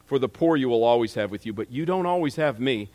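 A man's voice: medium pitch, animated, quick pace, darkish tone. Male preacher, mid-range voice, conversational sermon delivery, echoing hall sound. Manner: conversational preaching, reads scripture aloud, frequent restarts.

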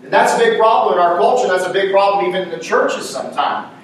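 A man preaches a sermon, hammering his points home through repetition and rhetorical questions. His voice sits high and carries from a distance. The church room around him rings with heavy echo and a faint hiss. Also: expressive, fast. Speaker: pastor. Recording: echoey church room, mic far off.

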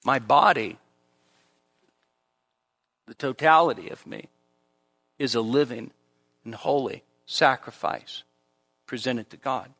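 Slow, emphatic male preacher. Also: gravelly, fairly bright tone, in a large hall. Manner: emphatic, climbs sharply in pitch when stressing a point; conversational asides and light humor with the congregation. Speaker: pastor. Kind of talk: expository sermon. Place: church service before a congregation.

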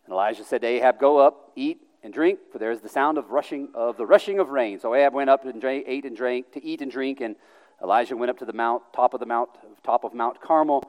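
A man reading scripture aloud with a smooth, resonant voice that sits at an ordinary pitch. His delivery is earnest and emphatic, with loudness swelling and falling. The recording carries the long, lingering reverb of a large hall. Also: fast. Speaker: scripture reader.

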